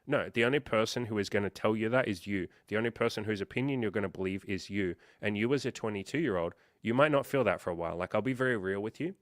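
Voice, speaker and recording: Low-voiced man, chatty coach on stream. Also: no room sound, clean studio sound. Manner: conversational, filler-heavy, acts out quick quoted reactions. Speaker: life coach hosting a livestream. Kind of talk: casual livestream chat answering viewer comments.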